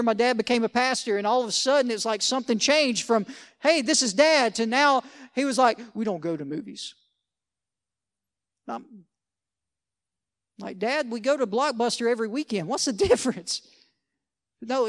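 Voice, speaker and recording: Man, pastor, very high voice, conversational sermon, joking asides. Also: clean tone.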